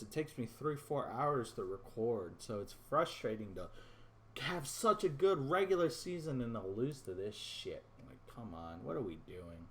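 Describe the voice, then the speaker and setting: A man ranting to his viewers in casual gameplay commentary, frustrated, swearing and rambling, calling them "boys". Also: on the low side. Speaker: gaming YouTuber.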